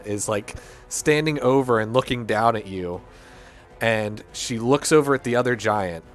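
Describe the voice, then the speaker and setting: A man narrating a tabletop game as game master, halting and full of fillers as he describes the scene. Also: medium pitch, fairly bright tone.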